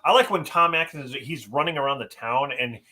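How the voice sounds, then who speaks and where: Bright-voiced man rambling about movies. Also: mid-range voice, fairly quick. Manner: rambling, repeats himself, lots of "like". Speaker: podcast co-host. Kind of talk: casual movie discussion.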